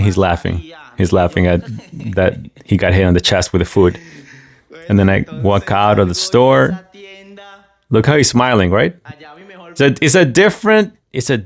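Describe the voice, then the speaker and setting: A man's voice: lowish voice, vocal fry. A man giving casual video commentary. He retells a story in the first person and breaks off for asides to the viewers. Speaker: commentator relaying a migrant's story.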